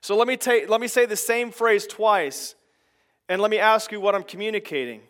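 A man with a fairly high voice, delivering a sermon as pastor. He preaches in a conversational but emphatic way, pressing his points with building intensity. He sounds middle-aged. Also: moderate pace, a bit bright.

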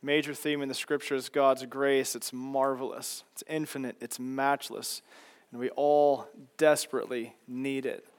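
A man preaching a sermon as pastor in a church, emphatic and slowing down on key phrases. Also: medium pitch, flat delivery, smooth. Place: church sanctuary.

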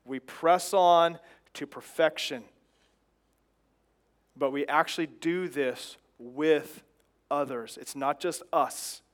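A man's voice: on the high side, slow, long pauses. A man in his thirties preaching a sermon in an earnest, exhorting way, pressing his points with repeated phrases. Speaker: pastor.

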